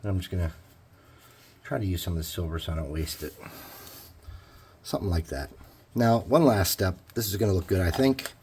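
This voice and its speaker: Deep-voiced man thinking aloud while painting. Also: fairly quick, long pauses, a little hiss or hum. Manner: relaxed, thinking aloud as he works. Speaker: hobby crafter. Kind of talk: casual painting tutorial.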